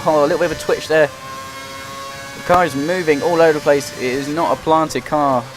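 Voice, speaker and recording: Young guy commentating his racing game live, kinda high voice, gets worked up, game music blaring. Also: normal speed. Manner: excitable, running play-by-play. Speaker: gaming commentator. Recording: loud game music behind the voice. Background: game music and engine noise.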